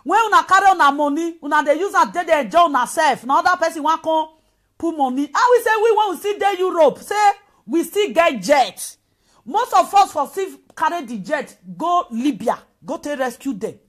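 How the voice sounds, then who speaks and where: A woman from Nigeria with a Nigerian accent, delivering an impassioned rant on a live video. She swings between shouting and low muttering. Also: lively intonation, normal speed. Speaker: returned migrant speaking out.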